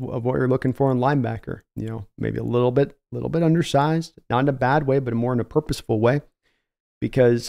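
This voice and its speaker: Mellow-voiced man hosting a live stream. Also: mid-range voice, vocal fry. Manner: thinks aloud, reading and answering viewer comments. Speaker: podcast host. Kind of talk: casual live-stream chat.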